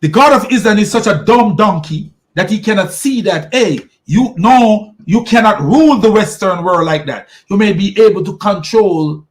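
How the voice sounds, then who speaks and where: A man hosting a podcast, giving an emphatic, preachy religious commentary, slowing down to stress key words and often repeating himself as he restarts. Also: sits high. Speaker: podcast host.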